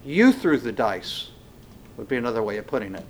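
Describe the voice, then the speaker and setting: A man preaching a sermon slowly and emphatically, swinging between loud passages and hushed ones. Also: mid-range voice, very animated.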